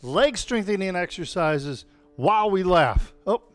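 A man teaching a live-streamed tai chi class at home, calmly calling out movements and telling deadpan puns to an audience he can't hear. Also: sits high, a little slow, dry recording, soft background music. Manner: calm cueing of movements mixed with deadpan puns.

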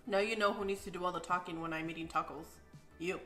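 A cheerful woman talks her viewers through a home cooking video in a casual, playful way. Her voice is bright and crisp. Faint music plays behind her. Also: on the low side, fairly even intonation, quick pace. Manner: upbeat, playful, chatty with viewers. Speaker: cooking channel host. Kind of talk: casual cooking chat and instruction.

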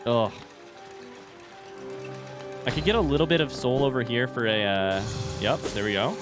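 Excitable young man streaming a game. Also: medium pitch, moderate pace. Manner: excitable, swears and yelps when hit, reads chat aloud. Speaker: streamer playing a video game. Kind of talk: live game stream commentary. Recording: game music behind voice. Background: game music.

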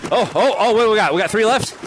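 High-pitched excitable young man gaming. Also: noisy background. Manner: energetic, shouty, quick repeated calls and laughter. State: sweaty. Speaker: VR game streamer hosting fan lobbies. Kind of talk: excited live gameplay commentary. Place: indoors, playing in VR.

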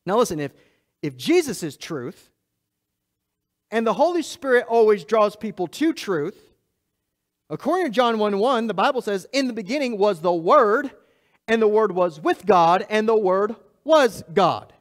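High-voiced pastor preaching with emphasis. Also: male voice, big pitch swings, normal speed, pauses often. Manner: emphatic, repeats key phrases, swings from loud to hushed; laughs at himself, talks to the congregation directly. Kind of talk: sermon. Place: church.

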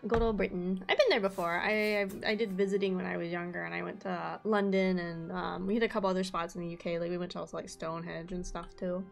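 A young woman streaming a game, bubbly and excitable, chatting with her viewers while she plays. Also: on the low side, fast talker, creaky, few pauses, soft background music. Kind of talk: casual live-stream game chat.

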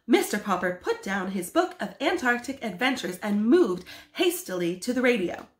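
Animated woman reading a children's story. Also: a little high, moderate pace. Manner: animated, expressive. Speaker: drama teacher reading aloud. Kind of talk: storybook read-aloud for children. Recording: echoey room.

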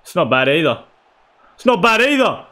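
Excitable high-voiced young man gaming. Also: normal speed. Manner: swears freely, shouts at players, says "bro" and "boys". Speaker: gaming YouTuber. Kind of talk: excited gameplay commentary.

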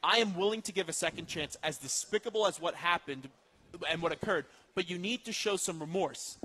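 A man's voice: sits high, a little fast, sharp tone. A man hosting a sports radio show, giving blunt opinions in casual banter.

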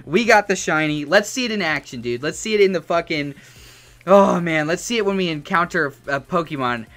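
A young man streaming a game, yelling and cursing with joy, his voice hoarse from shouting. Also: a little high, lively intonation, fairly quick. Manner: ecstatic shouting, cursing, repeated yells of yes. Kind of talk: live-stream game reaction.

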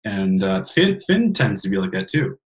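Podcast host guy, lowish voice, earnest and frank, drops a curse here and there. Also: big pitch swings, normal speed. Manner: earnest, frank, swears casually. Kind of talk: casual interview chat.

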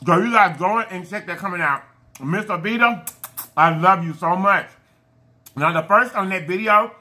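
A man hosting an eating vlog, casually and affectionately giving shout-outs to his fans and stumbling over names as he corrects himself. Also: high-pitched. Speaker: mukbang channel host. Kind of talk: casual chat to viewers while eating.

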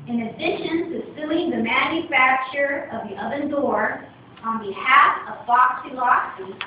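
A woman giving a wry, expressive storybook reading at a club meeting, recorded on a distant phone camera. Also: high voice, a little slow, slight background noise. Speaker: speech contest reader. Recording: echoey room from far, dull lo-fi.

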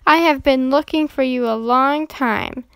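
A woman's voice: high-pitched, measured pace, creaky, fairly bright tone, clean tone, dry recording, heavily acted. A woman reading aloud, voicing a stern male woodman in a storybook. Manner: stern, indignant.

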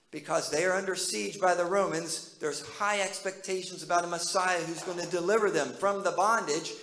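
Preacher man, fairly high, echoey room. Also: vocal fry, fairly bright tone. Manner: conversational, asks the listeners many questions. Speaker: pastor. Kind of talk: sermon.

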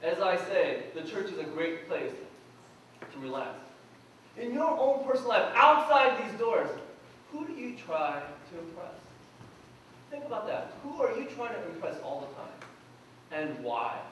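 High-voiced pastor in echoey church. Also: male voice, sing-song, measured pace, long pauses, a bit bright, dull audio, a little hiss or hum. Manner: conversational, asks the congregation questions; humorous personal anecdotes. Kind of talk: sermon. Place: church sanctuary. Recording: echoey church hall from far off.

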